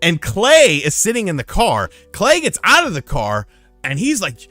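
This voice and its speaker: A man with a high-sitting voice speaks at a moderate pace, with no room sound and faint music behind him. He's on a livestream, chatting casually and telling rambling, profane stories with animated energy.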